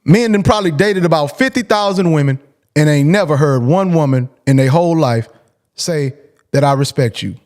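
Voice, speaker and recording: A man's voice: on the high side, moderate pace, a little mellow. A man hosting a call-in show, talking casually and bluntly, repeating his points for emphasis. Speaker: host.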